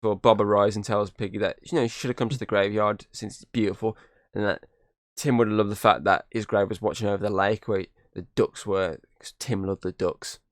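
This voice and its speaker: A man's voice: fairly low pitch, fairly even intonation, a little fast, no echo, studio quality. Man retelling a film casually. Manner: rambling retelling with quoted character lines. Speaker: podcast host. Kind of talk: casual movie recap.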